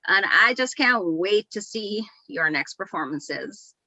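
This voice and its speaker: Bright, effusive woman host. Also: medium pitch, animated, takes it slowly, no echo, dull audio. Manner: effusive, heaps praise, giggles. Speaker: talk show host. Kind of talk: casual live-stream interview.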